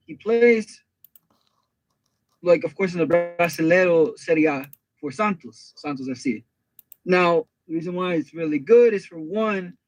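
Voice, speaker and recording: Animated high-voiced man on a podcast. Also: poor audio. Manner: animated, addresses listeners directly. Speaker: podcast co-host. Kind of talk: casual soccer podcast chat.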